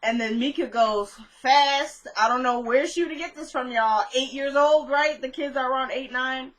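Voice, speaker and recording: A young woman chatting through a casual recap of a TV episode, retelling scenes in an animated way with lots of fillers. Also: high voice, moderate pace, low-quality recording. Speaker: TV episode reviewer.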